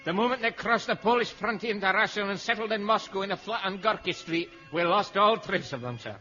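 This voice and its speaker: An actor playing a gruff male police inspector with a Scottish accent, grunting between blunt reports in a 1950s radio comedy. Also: sits high, a little fast, pushed and bright, soft background music. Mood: deadpan. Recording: dull 1950s radio broadcast.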